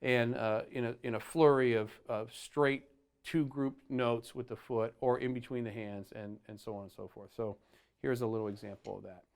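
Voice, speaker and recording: A man's voice: medium pitch, fairly even intonation, moderate pace, vocal fry, clear, resonant tone. A man teaching foot technique on the drums, explaining step by step and counting beats and singing out rhythms aloud. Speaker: drum teacher. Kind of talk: instructional drum lesson. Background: faint drums and click track.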